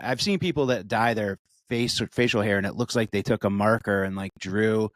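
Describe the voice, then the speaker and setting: A man's voice: mid-range voice, a little fast, few pauses, fairly bright tone, no echo. Profane, riffing comedian man on a podcast. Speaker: podcast co-host; stand-up comedian. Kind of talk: casual comedic chat.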